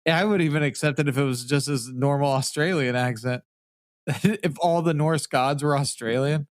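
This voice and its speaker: A man's voice: fairly high pitch, normal speed, dry recording, clean studio sound. A man hosting a podcast in casual chat, talking loosely with lots of swearing and laughing. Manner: loose, profane, laughing often. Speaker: podcast host.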